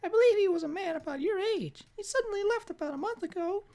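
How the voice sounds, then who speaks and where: A man voicing a chirpy, forgetful old landlady in a squeaky falsetto, reading game dialogue aloud in a sing-song way. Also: lively intonation, fast talker, darkish tone.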